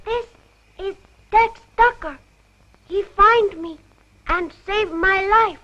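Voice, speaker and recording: A woman's voice: extremely high pitch, slow, slight background noise, exaggerated voice. A woman voicing an eager young tribal boy who speaks broken English, on a lo-fi old soundtrack. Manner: broken English, shouting calls.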